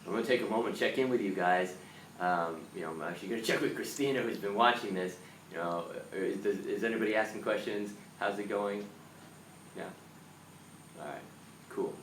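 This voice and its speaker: A man hosting a live motivational talk, earnest and animated, now and then acting out panicked voices. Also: fairly low pitch, brisk. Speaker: live stream host. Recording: roomy, from a distance, faint background noise.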